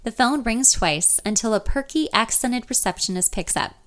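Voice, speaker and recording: A woman's voice: a little high, lively intonation, moderate pace, fairly bright tone. A young woman narrating a first-person audiobook in a nervous, confessional inner voice.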